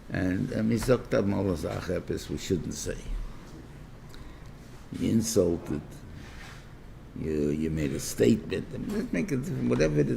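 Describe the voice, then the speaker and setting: An older rabbi gives a Torah class lecture in a dark, mellow voice with heavy gravel in it. He speaks haltingly, repeats his words, and acts out short back-and-forth dialogues. A faint hiss sits behind him. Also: sits low. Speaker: rabbi teaching a weekly class.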